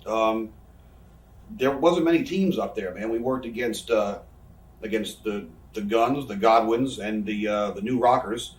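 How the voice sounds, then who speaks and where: A man's voice: fairly low pitch, measured pace, recorded from a distance. A man, telling rambling, profane backstage stories in a casual interview. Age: 30s. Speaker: interview guest, wrestler. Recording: echoey room, off-mic.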